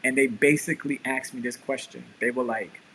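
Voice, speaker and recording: A man's voice: mid-range voice, a little fast, a little hiss or hum, poor audio. A man, a pastor and show co-host, telling a story in casual chat and acting out the quotes. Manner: animated storyteller, acts out quotes.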